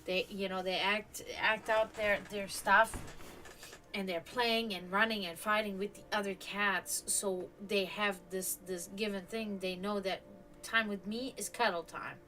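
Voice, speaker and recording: Bright-voiced woman chatting on a stream. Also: medium pitch, fairly even intonation, measured pace. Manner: rambling, chatty, swears casually, many restarts. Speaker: stream host. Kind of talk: casual live-stream chat.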